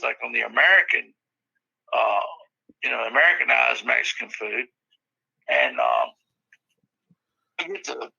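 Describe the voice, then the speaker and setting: A podcast guest or co-host tells rambling stories full of swearing in a casual chat. His mid-range voice is creaky, bright, and forceful, captured in a dry recording with dull audio.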